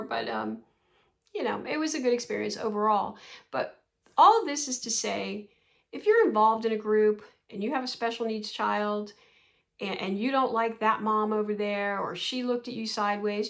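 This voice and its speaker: A woman in her sixties talking casually to her vlog audience, chatty and animated, often exasperated, with frequent laughs. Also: on the high side, gravelly. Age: 60s. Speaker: vlogger.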